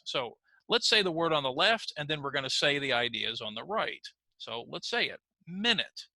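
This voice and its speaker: Bright-voiced man teaching pronunciation. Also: on the high side, no room sound, rough recording. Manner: slow, clear modeling of words for learners to repeat. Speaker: ESL teacher. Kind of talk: online pronunciation lesson. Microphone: computer mic on a screen recording.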